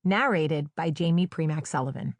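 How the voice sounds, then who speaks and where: A woman from New Jersey reads her own memoir in a wry, conversational storytelling style, slipping into playful quoted dialogue. Her voice sits somewhat low for a woman. The recording is close and dry, with no room sound. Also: moderate pace, no echo. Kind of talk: audiobook memoir narration. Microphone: close studio microphone.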